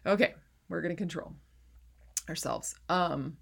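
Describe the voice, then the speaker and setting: A woman with a fairly low voice gives a heartfelt faith testimony as a life coach. She talks casually but fervently, slipping into preaching and calling her listeners "you guys" and "baby." She sounds emotional, close to tears. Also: normal speed.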